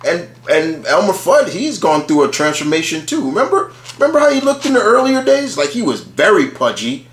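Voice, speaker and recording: A man's voice: sits high, sing-song, fairly quick, few pauses, reverberant. A man casually talking through a ranked list of favourite cartoon characters, rambling and restarting often, with casual swearing. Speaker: channel host ranking cartoon characters.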